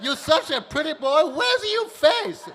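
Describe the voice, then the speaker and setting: A man's voice: extremely high pitch, expressive, a little slow, a bit bright, voice pushed up, heavily acted. An older man putting on his tiny, doting old Italian immigrant grandmother, fussing in broken English with an Italian accent.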